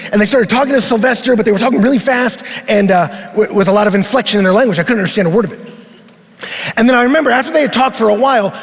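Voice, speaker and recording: A man preaching at a conference, telling a story in an animated way and sometimes rising to a shout. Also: very high voice. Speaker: pastor. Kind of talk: conference sermon. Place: large arena. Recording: long arena reverb.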